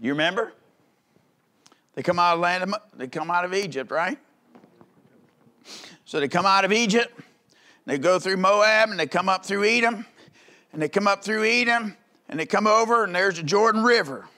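A pastor in a church delivers a folksy, conversational sermon, peppering it with quick rhetorical questions. His voice sits high for a man and rings bright and forceful, swelling into loud, urgent calls. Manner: rises to loud calls in the climaxes.

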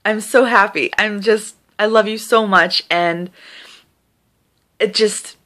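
A woman's voice: medium pitch, steady tone, takes it slowly, fairly bright tone. Gushing young woman vlogging from bed. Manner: gushing, breathless, repeats herself, laughs between words. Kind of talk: emotional casual vlog to camera. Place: in bed at home.

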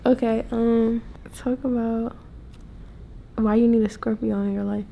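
A woman's voice: a little high, level tone, a little slow, vocal fry, mellow, a little hiss or hum. A young woman chatting casually as a vlog guest, teasing and giggling.

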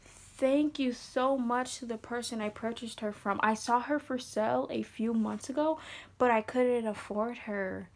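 A young woman vlogging casually as she unboxes something, gushing and often dropping into breathy whispers. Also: fairly high pitch, measured pace.

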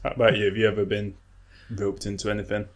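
A man co-hosting a podcast, telling relaxed stories in casual chat and acting out the quotes. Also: lowish voice, fast. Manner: relaxed storyteller, acts out quotes. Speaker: podcast co-host.

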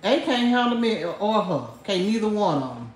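Hosting a livestream, a woman trash-talks in a rant, mocking someone and laughing as she addresses her viewers directly. Her mid-range voice is very animated and runs at normal speed. The echoey room recording carries a little hiss or hum.

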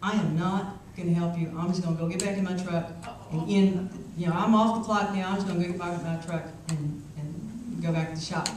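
A woman's voice: fairly low pitch, fairly even intonation, a little fast, few pauses, a little mellow, a little hiss or hum, close to an everyday voice. A woman giving a keynote speech, quoting the folksy, chatty old park worker she met in her story. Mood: disapproving. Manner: drawling, folksy, chewing a cigar. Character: elderly chatty male park worker, gruff. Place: large hall, keynote speech. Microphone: small camcorder far off. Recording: echoey hall, far from camcorder.

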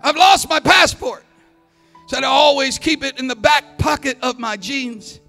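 A man preaching a Pentecostal sermon as a visiting evangelist, telling stories and rising into shouted climaxes. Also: extremely high pitch, unhurried, creaky. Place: church sanctuary. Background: soft organ music.

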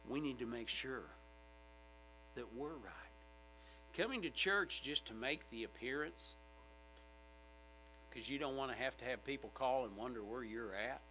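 A middle-aged male pastor preaching a sermon in a church sanctuary, emphatic and swinging from loud outbursts to hushed asides. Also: medium pitch, measured pace, long pauses, slight background noise, rough recording.

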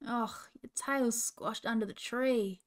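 A woman voicing a slow, good-natured male wombat, earnest and fretful. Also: on the high side, flat delivery, fairly bright tone, close to an everyday voice. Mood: sad.

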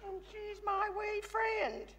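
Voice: very high voice, fairly even intonation, slow pace, a bit bright. An audience volunteer reading a script on stage in a hesitant, stumbling way. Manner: hesitant, stumbling over lines.

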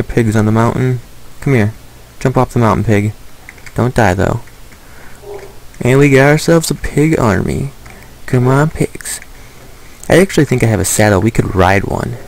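Man, gaming commentator, gravelly voice, chatty and playful with the game's animals. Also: medium pitch, darkish tone, poor audio. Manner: playful, talks to the game animals. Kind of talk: casual let's-play commentary.

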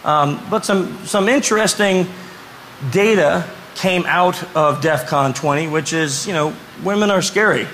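A man giving a conference talk, telling stories in a lively way and acting out the people he quotes. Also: sits high, a little slow, a little hiss or hum, rough recording. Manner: animated storyteller, acts out quoted voices. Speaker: conference speaker. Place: conference room before an audience.

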